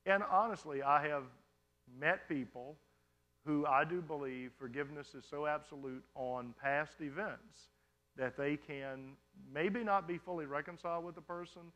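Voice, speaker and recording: A man's voice: fairly high pitch, a bit bright, highs cut off. A male pastor answering congregation questions in a sermon, talking conversationally and often checking in with "you understand?".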